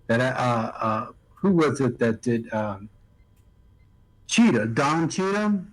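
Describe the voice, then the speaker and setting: A man from New talks in a casual, wry way. He tells stories and swears lightly. His voice sits at an ordinary middle pitch. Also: sing-song, slow, rough recording. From New York. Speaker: guest on a live stream. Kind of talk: casual chat.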